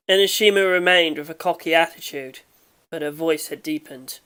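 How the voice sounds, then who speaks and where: A woman narrating a fan audiobook in a steady, measured reading. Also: deep voice, clear, resonant tone.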